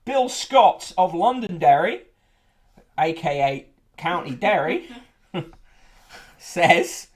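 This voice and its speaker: A man's voice: high voice, big pitch swings, slow pace, long pauses. A man hosting a podcast, reviewing newspapers casually with sardonic, sweary asides.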